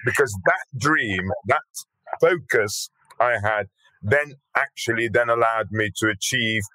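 Older male guest, forceful and bright, emphatic, swears freely. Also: medium pitch, a little slow, no room sound, poor audio. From Birmingham, England. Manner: blunt, earthy and emphatic, swears casually. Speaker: podcast guest. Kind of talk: storytelling interview talk.

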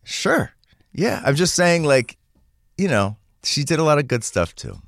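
A man's voice: fairly high pitch, sing-song, unhurried, creaky, no room sound, studio quality. A man co-hosting a podcast, chatting animatedly and acting out quotes as he recounts stories. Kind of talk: casual chat.

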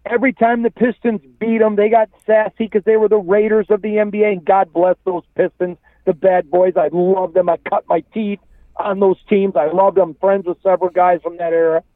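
A man's voice: high voice, little pitch movement, fairly quick, dry recording. A man giving a fired-up sports commentary as a guest, talking in punchy, preachy commands. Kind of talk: fired-up fan pep talk. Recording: dry tinny phone line.

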